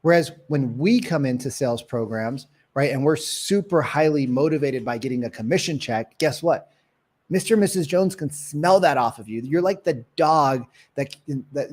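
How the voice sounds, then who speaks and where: A man coaching real estate agents in a live sales training session, energetic and acting out phone calls. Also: fairly high pitch. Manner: energetic, demonstrates calls in mock voices.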